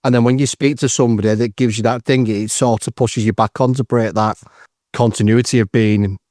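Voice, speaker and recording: A man's voice: mid-range voice, fairly even intonation, a little fast, a little mellow, dry recording, clean studio sound. A man talking in an earnest, reflective and modest way as a podcast co-host. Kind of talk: casual podcast chat.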